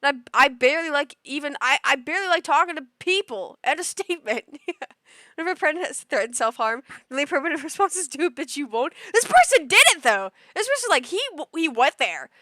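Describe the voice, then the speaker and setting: A young woman streamer in her twenties tells a story with lively, animated delivery and acts out every quote. Her voice is bright and a little high, and it sits dry and close to the mic. She breaks into sudden loud outbursts. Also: brisk, no echo. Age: 20s. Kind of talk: casual storytelling chat.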